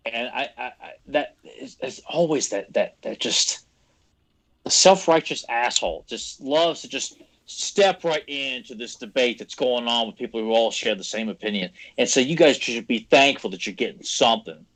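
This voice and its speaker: A man's voice: medium pitch, moderate pace, a bit bright. Male co-host, sarcastic crude venting, ordinary mid voice. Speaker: podcast co-host. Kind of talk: ranting casual chat. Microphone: video call.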